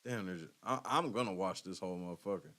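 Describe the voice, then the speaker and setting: A man's voice: low voice, quick pace, bright, forceful tone. A man hosting a show, reacting to video clips in casual, profane commentary and laughing often. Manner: profane, laughing, talking back to the clip.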